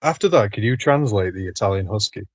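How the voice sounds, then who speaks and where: A man's voice: lowish voice, lively intonation, fast talker, no room sound. A man co-hosting a casual panel stream, talking in a blunt, teasing, profane way. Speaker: panel co-host.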